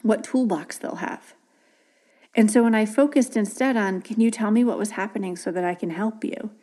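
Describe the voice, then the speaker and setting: A woman hosting a podcast, telling a story about a child in a casual, gentle way. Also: mid-range voice, moderate pace. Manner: warm storytelling with gentle quoted dialogue. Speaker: podcast host.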